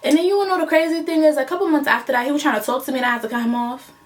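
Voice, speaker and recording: Young woman vlogger with a slightly high voice, animated and slangy storytelling. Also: very fast. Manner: animated, laughing, slangy retelling. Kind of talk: casual storytime.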